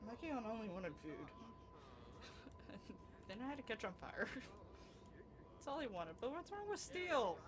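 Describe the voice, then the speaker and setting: A woman's voice: on the high side, unhurried, pauses often, noisy background. A young woman giving casual, giggly commentary over a life-simulation game she is playing. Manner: giggly, excitable, chatty with frequent laughs. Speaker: gameplay commentator.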